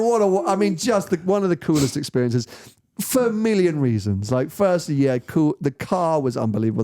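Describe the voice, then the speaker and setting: A British man hosting a podcast, telling a story in casual chat and acting out the people he quotes. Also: mid-range voice. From United Kingdom. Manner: animated, acts out quoted voices. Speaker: podcast host.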